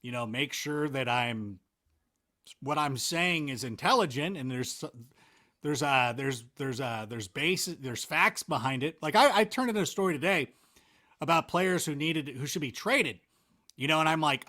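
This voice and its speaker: A man talking as a guest in a casual interview, animated, rambling and self-mocking. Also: on the high side, a little slow. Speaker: interview guest, NFL analyst.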